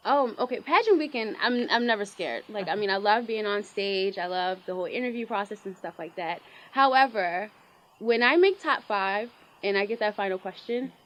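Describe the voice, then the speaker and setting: A woman's voice: medium pitch, animated, normal speed, a bit bright, poor audio. A woman, chatting bubbly and casually as an interview guest, full of "like" and "um". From Baltimore, Maryland. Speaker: pageant titleholder guest.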